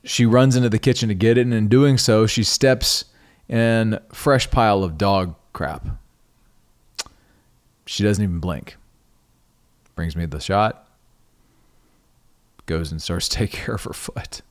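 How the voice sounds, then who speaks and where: A man's voice: on the low side, a little slow, long pauses. A middle-aged man hosting a podcast, telling a personal story in a conversational way, often restarting and repeating words. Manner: conversational, restarts and repeats words, animated when quoting himself. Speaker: podcast host.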